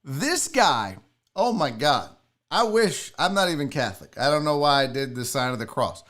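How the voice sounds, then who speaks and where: A man's voice: fairly high pitch, normal speed. A man hosting a live sports and entertainment stream, ranting casually to his chat with lots of swearing. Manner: profane, animated, talks to chat viewers. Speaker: podcast host.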